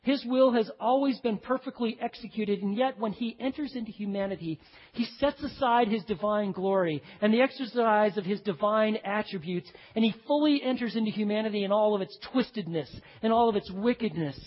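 A male pastor preaching a sermon, emphatic, dropping to hushed low phrases and speaking straight to his congregation. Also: brisk. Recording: dull recording with long hall reverb.

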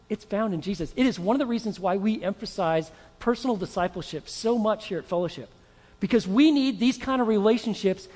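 A pastor preaching a sermon to his church, telling stories with animated delivery and acting out voices. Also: high-pitched, big-room sound.

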